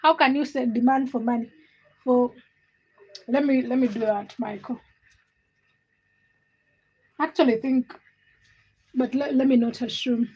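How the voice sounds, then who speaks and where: A woman's voice: high voice, steady tone, a little slow, long pauses, a little mellow, breathy edge. A young woman, hosting a casual livestream and chatting with viewers by name in a giggly, teasing way. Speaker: livestream host. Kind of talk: casual livestream chat reading comments.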